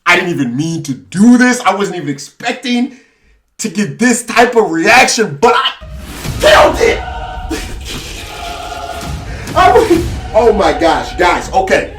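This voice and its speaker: A young man telling a story to his vlog audience in an animated, self-hyping way. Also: high-pitched, moderate pace. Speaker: vlogger. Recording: roomy echo, distant mic.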